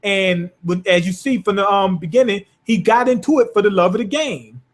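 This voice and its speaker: This is a male anime reviewer with a high-pitched voice, walking through an episode at a moderate pace. He's loose and rambling, cursing freely as he retells it with lots of animation.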